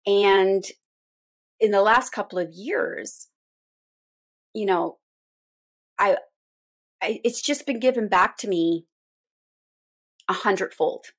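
Gravelly-voiced woman telling her story. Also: mid-range voice, takes it slowly, pauses often. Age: middle-aged. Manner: heartfelt, animated storytelling. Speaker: guest, radio show host. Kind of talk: conversational interview.

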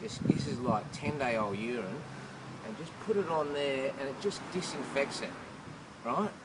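A male comedian with an Australian accent, joking crudely and deadpan in a handheld vlog outdoors. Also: mid-range voice, normal speed, very noisy. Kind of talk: jokey handheld vlog banter.

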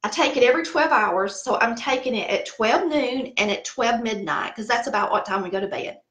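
In a casual chat, a Southern cooking channel host, middle-aged and with a Southern American accent, tells stories and laughs at herself. She talks briskly in a slightly high, somewhat bright voice, and the recording is reverberant.

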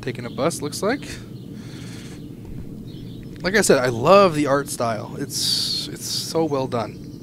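A man's voice: medium pitch, expressive, slow pace, long pauses, background noise. Joking man streaming a farm game. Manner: joking, rambling asides. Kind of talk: casual gameplay commentary. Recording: loud game music behind.

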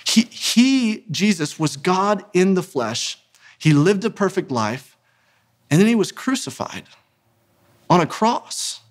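Man in his thirties, earnest preacher-style speaker, higher-pitched voice, leans hard on key words. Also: sing-song. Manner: earnest, emphatic, slows down to stress key words. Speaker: ministry founder and speaker. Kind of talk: sermon-style inspirational talk.

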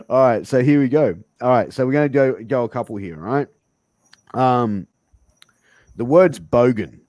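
A man's voice: mid-range voice, lively intonation, measured pace, long pauses, darkish tone, no room sound. A man with an Australian accent hosting a casual interview, joking and throwing around slang. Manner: jokey, laughing, heavy slang. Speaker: interview host.

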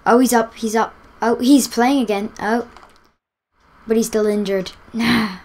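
A woman giving live commentary on a football video game, excitable, cheering and groaning as the play unfolds. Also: fairly high pitch, measured pace. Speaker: gaming YouTuber.

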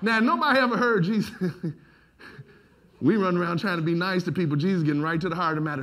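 Man, pastor, preaching, high voice, sharp bright tone, shouting and laughing. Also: sing-song, fast, long pauses. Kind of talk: sermon.

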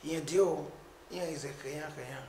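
A man's voice: on the high side, a little slow, gravelly, slight background noise. A man with a Nigerian accent, a musician talking animatedly in a casual conversation. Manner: animated, mixing pidgin and Edo. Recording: echoey room.

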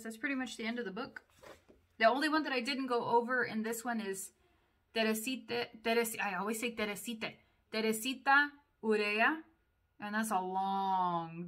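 A woman in a casual book commentary who reads the captions aloud and then drifts into her own loose remarks. Her voice is bright and clear at an average pitch, and her talk is easygoing and peppered with "like.". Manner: chatty, uses many "like" fillers. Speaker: book reviewer.

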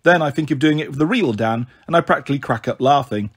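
A man reading a novel aloud in an expressive, lively storytelling manner. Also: fairly high pitch, fast, breathy edge.

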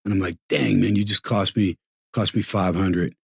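Lively storytelling man, husky and low. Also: moderate pace, no room sound, clean studio sound. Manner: animated storyteller, acts out quoted voices. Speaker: sportscaster guest. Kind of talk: casual storytelling.

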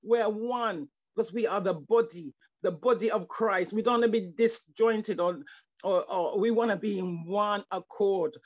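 A woman's voice: medium pitch, measured pace, no echo. A woman preacher delivering a fervent sermon over a video call, repeating herself, restarting phrases and breaking into exclamations of praise. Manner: fervent, repetitive, stumbling restarts, rising into exclamations. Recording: dull lo-fi video call audio.

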